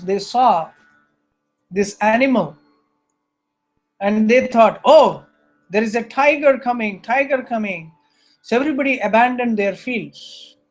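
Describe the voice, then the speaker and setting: Man, spiritual teacher, scripture lecture, animated storytelling, high voice. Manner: animated storyteller, acts out characters.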